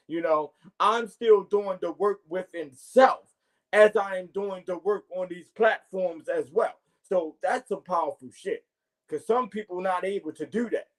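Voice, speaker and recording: A man hosting his own morning podcast, delivering a profane, confrontational and preachy monologue straight to his listeners, repeating catchphrases as he goes. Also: high-pitched. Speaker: podcast host. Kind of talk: solo morning podcast rant.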